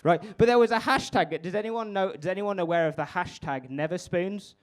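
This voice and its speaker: A man's voice: sits high, fairly quick. A young man doing a brash, sweary stand-up set at a live comedy venue. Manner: brash, sweary, chatty with the crowd.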